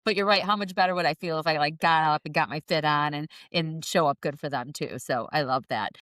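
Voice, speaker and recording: Effusive woman host in her forties, lowish voice, close dry mic. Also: a little fast, no room sound. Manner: warm-hearted, effusive, laughs easily. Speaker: podcast host. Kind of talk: podcast interview.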